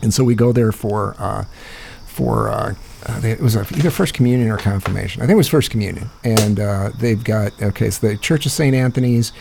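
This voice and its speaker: Gravelly low-voiced man telling rambling stories. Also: a little fast, a little mellow, a little hiss or hum. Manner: rambling, profane, laughs through his stories. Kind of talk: casual storytelling chat.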